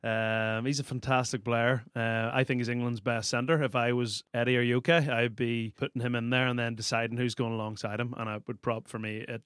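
A man who is a guest and former player in a studio, easygoing and measured, repeating himself as he talks. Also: mid-range voice, flat delivery, fairly bright tone, clean tone, no room sound. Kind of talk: casual studio chat.

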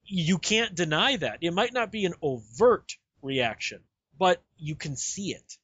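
A man's voice: a little high, animated, a little slow, fairly bright tone, slightly rough, dry recording. A man hosts a film discussion and presses his arguments with firm emphasis. His voice is recorded dry and close, with no room sound around it. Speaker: podcast host.

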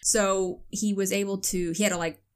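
A woman's voice: medium pitch, fairly even intonation, normal speed. A woman in her twenties with a Connecticut accent, chatting casually with lots of likes and restarts. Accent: Connecticut, American. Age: 20s. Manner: rambling, many likes and restarts. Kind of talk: casual chat.

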